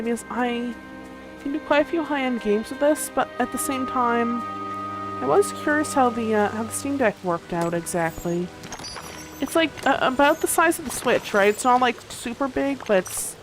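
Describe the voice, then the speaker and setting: A young woman livestreaming a game, chatting casually and a bit sleepily, rambling with lots of fillers and restarts. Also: a little high. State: sleepy, yawning. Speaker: gaming streamer. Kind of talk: casual livestream chat while gaming.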